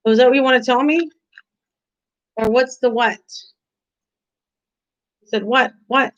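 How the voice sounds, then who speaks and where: A woman's voice: high voice, fairly even intonation, measured pace. An older woman hosting a casual live stream from her home kitchen, chatting with viewers by name and laughing often. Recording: lo-fi stream audio.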